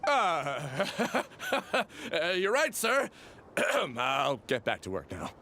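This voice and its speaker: A man's voice: high voice, wildly swooping pitch, very slow, bright, forceful tone, a little hiss or hum, heavily acted. An actor playing a chatty older village man who tells a local legend in a video game, folksy and talkative. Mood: storytelling.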